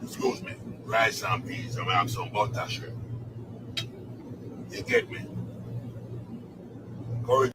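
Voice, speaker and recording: A man with a Jamaican accent talking playfully and loudly in a casual video while showing off food. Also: sits low, huge pitch swings, unhurried, pauses often. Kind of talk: casual street video talk. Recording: noisy street clip with passing traffic.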